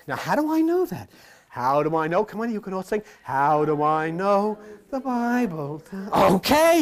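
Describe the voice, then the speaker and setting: Teasing and joking with the congregation, an older man preaches a rambling, homespun sermon in a live room. His voice ranges widely in pitch, alternating loud asides with low murmurs.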